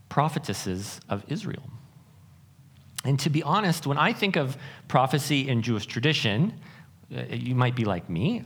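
A male pastor preaching to his congregation with an earnest, self-deprecating way of talking. His pitch rises and falls in an animated, lively way, and he often stops to restart a thought. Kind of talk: sermon.

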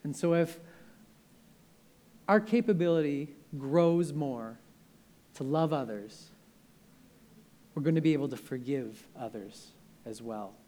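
A young male preacher gives a sermon in a slightly higher-than-usual voice. He talks in an earnest, conversational way, circling back and restarting his sentences as he goes. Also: slow, long pauses, dark tone.

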